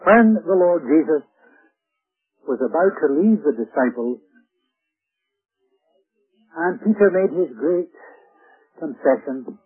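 A man's voice: a little high, lively intonation, takes it slowly, long pauses. A man preaching an earnest Bible teaching sermon, stressing key phrases with emphatic repetition. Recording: tinny phone-like band, husky.

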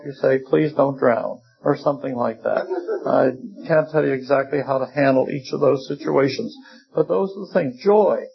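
An older man preaches in a gravelly, husky voice that sits a little high for a man. He talks in a folksy, wry way and drops in humor. The recording sounds dull and lo-fi. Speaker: preacher and seminary teacher. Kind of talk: sermon.

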